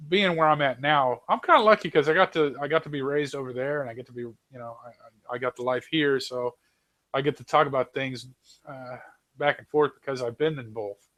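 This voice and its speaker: A man from New Zealand in casual chat, animated, laughing often and swearing casually. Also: medium pitch, fairly quick, dry recording. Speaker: host.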